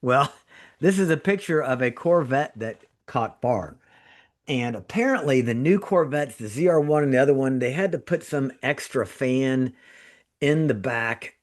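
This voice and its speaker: A man's voice: mid-range voice, lively intonation, moderate pace. A middle-aged man, a trauma surgeon and regular podcast guest, telling anecdotes in casual chat, laughing as he goes and acting out quotes. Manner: chatty storyteller who laughs through anecdotes and acts out quotes.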